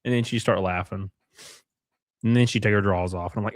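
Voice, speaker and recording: A man's voice: lowish voice, steady tone, fairly quick, no room sound, clean studio sound. A young man hosting a casual live stream, reading viewer comments and joking crudely with frequent laughs. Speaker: livestream host.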